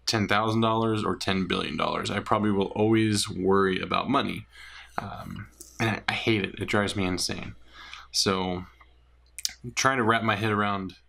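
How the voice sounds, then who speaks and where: A man giving a personal weight-loss update, talking candidly and haltingly with many pauses and fillers. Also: lowish voice, creaky, fairly bright tone. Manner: candid, rambling, hesitant with many ums. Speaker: vlogger.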